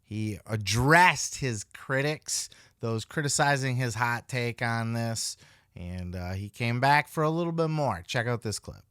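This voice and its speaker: A man's voice: mid-range voice, animated, unhurried, fairly bright tone, clean tone, no room sound. Profane, opinionated podcast host, man. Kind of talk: casual commentary.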